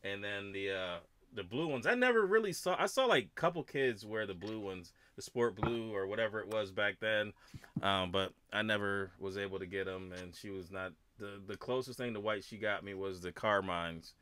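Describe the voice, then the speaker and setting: A man's voice: fairly low pitch, moderate pace, a bit bright, clear, resonant tone, dry recording. A man hosting a casual panel chat, rambling and hesitant with many fillers. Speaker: podcast host.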